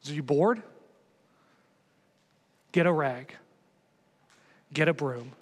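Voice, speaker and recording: A man's voice: a little high, slow, long reverb tail. A man preaching a sermon as pastor, telling a story with lots of energy and acting out both sides of the conversation.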